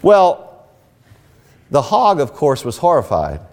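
A man preaching a sermon, telling stories and rising into emphatic, animated lines. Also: fairly high pitch, slow pace. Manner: animated storytelling with emphatic rises. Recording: long hall reverb.

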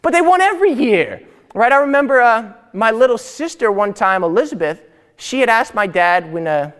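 A young man telling a long personal story in a lecture, animated and conversational, often checking in with his listeners. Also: on the high side, smooth, long reverb tail. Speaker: teacher.

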